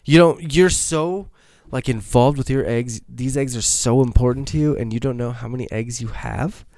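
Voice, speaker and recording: A man co-hosting a podcast, chatting casually, laughing often and thinking out loud. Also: mid-range voice. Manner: laughs often, drawn-out musing. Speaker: podcast co-host. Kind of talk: casual chat.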